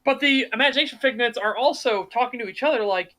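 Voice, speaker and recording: A woman co-hosting a podcast, recapping TV episodes in animated casual chat, swearing freely. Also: a little high, fast, hardly any pauses, low-quality recording. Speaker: podcast co-host.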